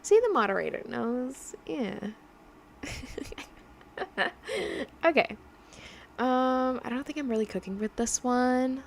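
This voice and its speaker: A chatty young woman streams her drawing session. She rambles casually, laughs often and leans on fillers, and her accent drifts in a loose mix of mimicked ones. Her voice has a gravelly, fry-tinged edge over faint background ambience. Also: high voice, animated, slow pace, long pauses, slight background noise. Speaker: digital artist livestreaming. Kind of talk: casual livestream chat while drawing.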